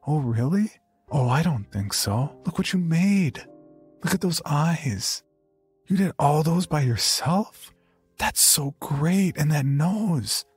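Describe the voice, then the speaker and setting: A man narrating a horror story and voicing a doting young mother who gushes with excited praise for her child. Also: mid-range voice, normal speed, breathy edge, faint music behind. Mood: delighted. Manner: gushing, excited, sweetly encouraging.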